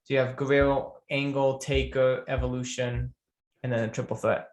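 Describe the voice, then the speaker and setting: A man's voice: medium pitch, flat delivery, moderate pace. A man as a podcast guest in casual chat, thinking aloud and repeating phrases as he works out his answer. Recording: roomy echo.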